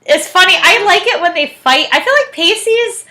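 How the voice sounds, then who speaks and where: A woman's voice: extremely high pitch, animated, normal speed, bright, forceful tone, rough recording. A young woman co-hosting a podcast, chatting casually and giggling as she recaps an episode. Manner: giggly, lots of fillers and laughs. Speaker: podcast co-host.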